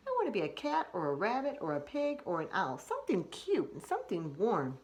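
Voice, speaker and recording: A woman voicing a stubborn little frog who keeps wishing to be another animal, high and pleading in tone. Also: wildly swooping pitch, fairly quick. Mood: whiny pleading. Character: whiny little boy frog, stubborn and wishful.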